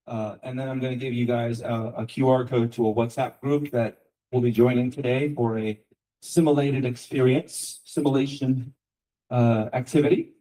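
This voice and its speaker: A man's voice: medium pitch, mellow, poor audio. An American man giving a university guest lecture in a conversational teaching manner, asking rhetorical questions and checking in with "okay" and "right". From United States. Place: lecture room.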